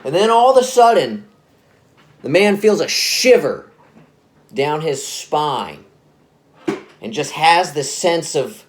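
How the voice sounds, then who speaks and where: A man's voice: on the high side, sing-song, slow pace, long pauses. A man telling a spooky story in a casual, rambling way, often correcting himself. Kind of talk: spoken scary story narration.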